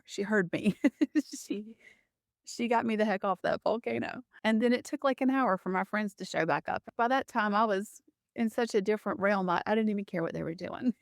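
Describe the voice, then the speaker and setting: A middle-aged woman telling a personal story as a guest, animated and laughing often, with many restarts. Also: mid-range voice, dry recording, studio quality.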